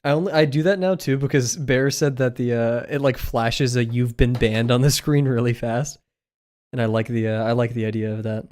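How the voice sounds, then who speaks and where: A man's voice: medium pitch, steady tone, normal speed, a little mellow. A man chatting casually on a live stream while he draws, rambling through asides with lots of filler words. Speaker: drawing streamer.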